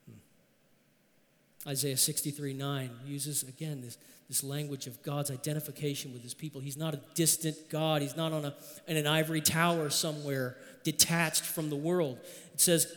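A man preaching a sermon as pastor, telling a personal story in a relaxed, conversational way. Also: a little high, moderate pace, long reverb tail.

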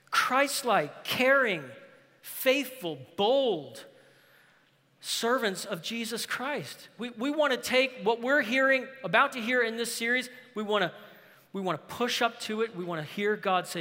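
A man's voice: extremely high pitch, sharp tone. A man preaching a sermon as pastor, earnest and emphatic, with rhetorical questions to the congregation. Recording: reverberant hall.

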